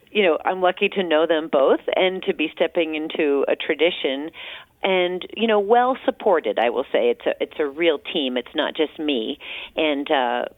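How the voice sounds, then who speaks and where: Woman, low voice, from New Hampshire; friendly radio guest on a phone line. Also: no room sound. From central New Hampshire. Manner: friendly, frequent soft laughs and fillers. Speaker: almanac editor, guest. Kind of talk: radio interview conversation.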